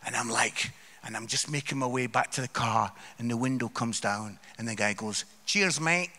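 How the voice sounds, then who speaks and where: A Scottish man, a comedian, telling stories to a church congregation with loud outbursts and low asides. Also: level tone, normal speed. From Scotland. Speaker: comedian guest speaker. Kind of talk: live comic storytelling to a church congregation. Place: church hall before a live audience.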